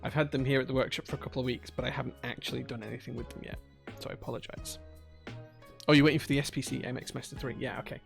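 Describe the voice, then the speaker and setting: A man's voice: mid-range voice, steady tone, rapid-fire, creaky, faint music behind. A man hosting a casual live stream from his workshop, thanking viewers and muttering to himself while he fiddles with chat commands. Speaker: livestream host. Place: home workshop.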